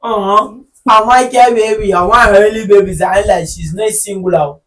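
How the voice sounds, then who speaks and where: High-voiced Nigerian man hosting, animated. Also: a little fast, poor audio. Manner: animated, joking, bursts into shouting. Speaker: podcast host. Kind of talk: casual chat.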